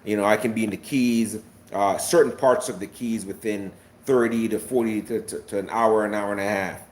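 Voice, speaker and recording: A Jamaican-born man with a fairly low voice talks loosely on a livestream. His speech rambles, circles back and stumbles over repeated words while he reads and answers chat. An American accent carries a light Jamaican lilt. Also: fairly even intonation, moderate pace. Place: South Florida.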